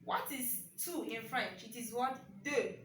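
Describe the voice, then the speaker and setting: Woman teacher, bright voice, patient and repetitive, frequent "okay?" check-ins, recorded at a distance. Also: on the high side, unhurried, roomy sound, slight background noise. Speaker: French teacher. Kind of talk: online language lesson.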